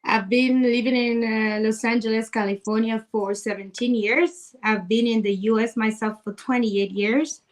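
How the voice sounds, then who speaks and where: A woman from Togo introduces herself on a panel discussion. Her voice sits fairly high, and she sounds earnest, stumbling a little over her words. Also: steady tone, normal speed, hardly any pauses.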